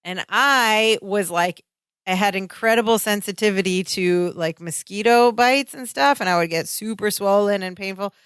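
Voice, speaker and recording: A woman's voice: mid-range voice, normal speed, a bit bright, clean tone, no echo, clean studio sound. A woman co-hosting a podcast, chatting casually about a sitcom and laughing between remarks. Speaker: podcast co-host. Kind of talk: casual chat recapping a sitcom.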